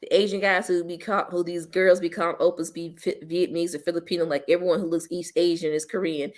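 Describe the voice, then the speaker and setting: A woman hosting her own channel, chatting casually with viewers in a blunt, slangy, teasing way and breaking into loud playful laughter. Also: on the low side, little pitch movement, quick pace. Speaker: host of a commentary channel. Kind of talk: casual chat reacting to viewers.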